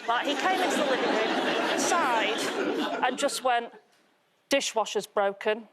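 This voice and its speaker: A woman's voice: high voice, animated, measured pace, a loud crowd, heavy background noise. A woman from Yorkshire with a Yorkshire accent, doing a chatty, self-deprecating stand-up routine on a TV panel show, full of ums. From Yorkshire, England. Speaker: comedian. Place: TV studio with live audience. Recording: loud studio audience laughter.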